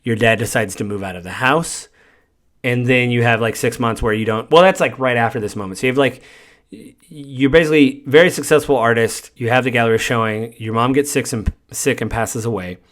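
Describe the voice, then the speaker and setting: A podcast host gives a casual, rambling spoiler recap of a game's story, speaking briskly in an ordinary middle-pitched male voice. He fills the gaps with lots of ums and loosely paraphrases the characters' lines.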